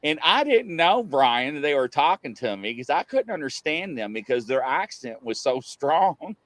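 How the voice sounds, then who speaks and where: Animated man rambling as a show host. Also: on the high side, normal speed, no room sound. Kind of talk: casual live-show chat.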